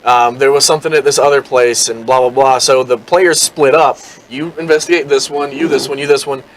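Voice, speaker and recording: A man's voice: medium pitch, steady tone, brisk, a little hiss or hum, low-quality recording. A man co-hosting a podcast, recounting a tabletop game he ran in a rambling way. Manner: rambling, with many fillers while recounting. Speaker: podcast co-host and game master. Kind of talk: casual chat, storytelling.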